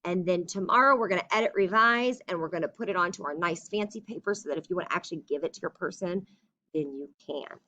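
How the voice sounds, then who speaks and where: Woman, young teacher, lowish voice, dull lo-fi sound, slow dictation, chatty asides. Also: pushed and bright. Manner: slow and deliberate when dictating, chatty in between. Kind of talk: recorded classroom writing lesson.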